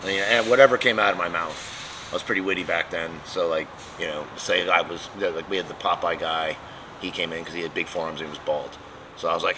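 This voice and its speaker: A man with a very low voice tells a rowdy story about his shop, swearing freely and laughing as he goes. The recording has clear background noise from the shop around him. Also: fast talker, poor audio. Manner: profane, laughing, animated storyteller. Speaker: custom motorcycle shop owner. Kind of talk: casual storytelling chat. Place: motorcycle shop.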